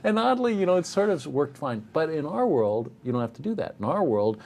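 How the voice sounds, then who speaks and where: A middle-aged man teaching a technical course live, animated and joking, sometimes acting out little voices. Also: on the high side, a little fast, creaky, slight background noise. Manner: animated, jokey, acts out voices. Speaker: instructor. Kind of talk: live technical demo with banter.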